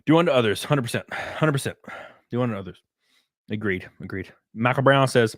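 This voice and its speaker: A man hosting a livestream, chatting and ranting in a blunt, profane, animated way. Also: on the low side, a little fast, dry recording, clean studio sound. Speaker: livestream host. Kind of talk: casual livestream chat and rant.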